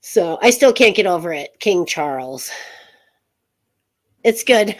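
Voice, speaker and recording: A woman's voice: lowish voice, lively intonation, slow, long pauses. A woman hosting an interview show, chatty and rambling, laughing often between remarks. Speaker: host. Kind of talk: casual chat show interview.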